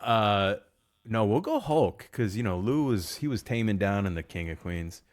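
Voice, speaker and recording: A man with a very low voice, co-hosting a podcast in loose, casual chat. He tells rambling stories and laughs often, recorded dry and close with no room sound. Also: very animated, normal speed, no room sound. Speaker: podcast co-host.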